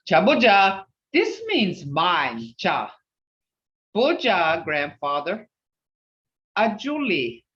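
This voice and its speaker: A woman's voice: fairly low pitch, fairly bright tone. A woman teaching a language class over a video call, patiently repeating each word and drilling it. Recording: roomy, distant, dull video call audio.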